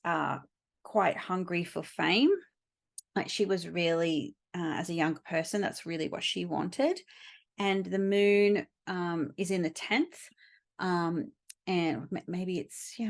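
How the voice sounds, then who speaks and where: A middle-aged woman teaching astrology in a recorded lecture, unhurried, with frequent fillers and pauses. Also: lowish voice, vocal fry.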